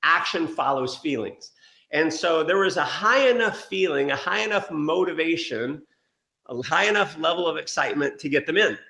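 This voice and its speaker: A man giving an energetic sales training talk, telling stories and acting out quotes. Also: a little high, moderate pace, echoey room. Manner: energetic storytelling with acted quotes. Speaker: motivational speaker.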